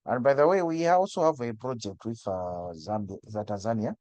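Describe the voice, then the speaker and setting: A man's voice: mid-range voice, moderate pace, darkish tone, dry recording. A man from Malawi, a guest speaker on energy, explaining things over a video call with frequent restarts and stammers. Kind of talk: webinar discussion.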